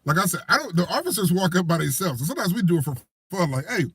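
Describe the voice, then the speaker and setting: A man, telling animated stories in casual chat and acting out the voices of the people in them. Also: sits high, very fast, husky, no echo. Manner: animated storyteller acting out quoted voices, laughing often. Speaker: co-host.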